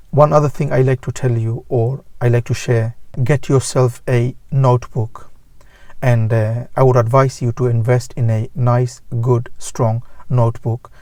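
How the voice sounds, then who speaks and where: Deliberate mellow-voiced male teacher. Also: mid-range voice, no room sound. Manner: slow, deliberate, repetitive phrasing. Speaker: English teacher. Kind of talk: scripted lesson to camera.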